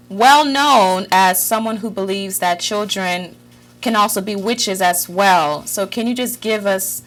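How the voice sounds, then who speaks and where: A businesslike female TV interviewer asks questions at a middle pitch. She keeps things brisk and cuts in to steer the talk. Her voice stays even and clear. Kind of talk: news interview.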